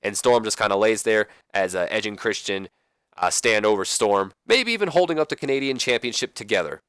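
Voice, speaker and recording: A man's voice: fairly low pitch, expressive, a little fast, fairly bright tone, clear, resonant tone, no room sound. A young man hosting a let's play, commenting casually in a rambling, hesitant way. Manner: rambling, hesitant, many fillers.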